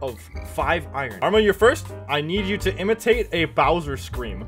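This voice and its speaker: A man's voice: a little high, expressive, moderate pace, a bit bright, soft background music. A man hosting a game show with friends over voice chat while gaming, giggling between lines.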